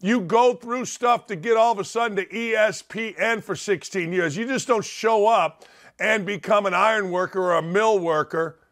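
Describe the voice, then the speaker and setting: A man's voice: high-pitched, normal speed, a bit bright. A middle-aged man hosting a talk show, delivering an opinionated monologue in an emphatic, punchy way with rhetorical questions.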